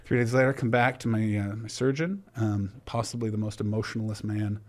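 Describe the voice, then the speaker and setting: A man from Canada, a comedian guest on a podcast, telling a story in a casual, animated way. He acts out the other people in the story and swears freely. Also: lowish voice, a little fast.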